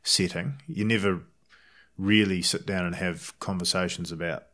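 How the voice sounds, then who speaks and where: A man hosting a podcast interview, talking in a relaxed, hesitant way with many fillers. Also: low voice, moderate pace. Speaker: podcast host. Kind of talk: casual interview chat.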